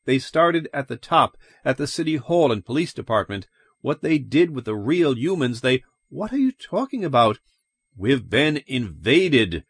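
A man's voice: mid-range voice, very animated, unhurried, breathy edge, no room sound, full character voice. A man doing a tense, urgent husband. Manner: urgent, insistent, commanding. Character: tense, urgent middle-aged husband and father. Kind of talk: audiobook character voice.

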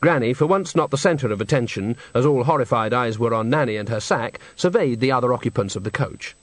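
A man's voice: medium pitch, a little fast, no room sound. A man reading an audiobook, narrating expressively and wryly. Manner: expressive, wry storytelling. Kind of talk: audiobook reading with character voices.

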